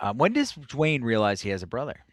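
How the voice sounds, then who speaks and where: A man on a podcast with a very animated voice that swings up and down as he jokes and asks questions to keep the movie talk going. His voice sits in a middle range. The recording is dry and close. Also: medium pitch, a little fast, dry recording. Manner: joking, steers the talk with questions. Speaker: podcast co-host. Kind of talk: casual film discussion.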